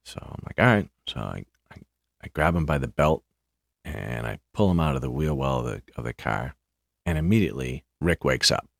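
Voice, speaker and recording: A man hosting a podcast, telling a story casually in a halting way, often repeating words, with dry understatement. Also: a bass voice, lively intonation, vocal fry, no echo. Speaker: podcast host.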